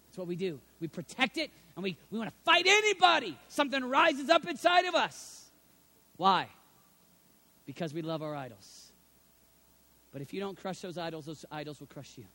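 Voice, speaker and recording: High bright-voiced guy preaching, goes from quiet to shouting. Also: sing-song, moderate pace. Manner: dynamic, swings from hushed to shouting. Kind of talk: sermon.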